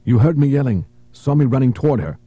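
A man's voice: mid-range voice, lively intonation, quick pace, warm tone, breathy edge, dry recording, voice pushed up. A man voicing a defiant male gunman who insists, in a defensive tone, that he was right.

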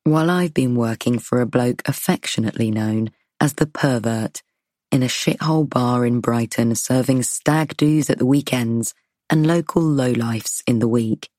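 A woman's voice: rumbling low, normal speed, darkish tone, no echo, studio quality. A woman reading a first-person story, her inner monologue tense and wry. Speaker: audiobook narrator. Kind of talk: first-person scripted narration.

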